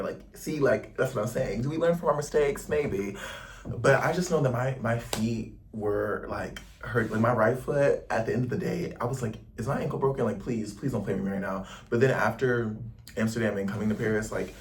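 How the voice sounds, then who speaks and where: A man's voice: on the low side, far from the mic, a little hiss or hum. A young man from the United States talking casually to camera in a rambling, slangy travel vlog. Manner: chatty, rambling, slangy, lots of "like". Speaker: travel vlogger. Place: indoors in a Paris lodging.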